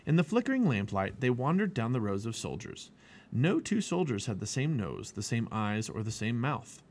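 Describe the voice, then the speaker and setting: A man reading a children's adventure book aloud for a family podcast. His mid-range voice moves lively up and down as he tells the story with expression. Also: mid-range voice, fairly quick.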